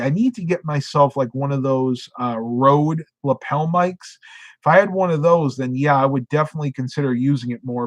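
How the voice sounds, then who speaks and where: A man's voice: fairly high pitch, no room sound. A sleepy middle-aged man chatting casually on a live stream, rambling and reading viewer comments aloud. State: sleepy, yawning.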